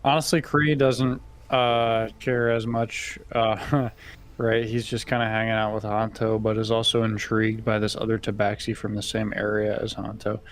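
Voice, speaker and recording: A man at a tabletop game who talks haltingly, full of fillers and little laughs, as he explains what his character is up to. A faint hiss of noise sits under his voice. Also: lowish voice, little pitch movement. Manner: hesitant, laughing, lots of fillers. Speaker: player. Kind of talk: casual tabletop game chat.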